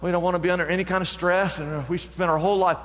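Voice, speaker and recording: Impassioned high-voiced male preacher. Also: steady tone, quick pace, a bit bright, long reverb tail. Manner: impassioned, building repeated refrains. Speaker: pastor. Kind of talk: sermon.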